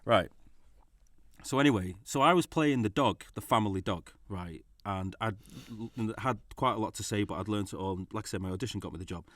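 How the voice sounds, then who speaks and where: A man, co-hosting a podcast and telling a story in a casual, animated way, swearing and laughing often. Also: lowish voice, a little fast, dry recording. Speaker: podcast co-host.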